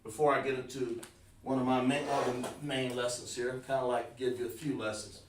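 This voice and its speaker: A man gives a loose, informal language lesson at a board, talking straight to his viewers. His voice sits at an ordinary pitch. The sound is roomy and comes from a mic set well back from him. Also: flat delivery, brisk, far from the mic. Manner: casual, informal, addresses viewers by name. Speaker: teacher. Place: room with a writing board.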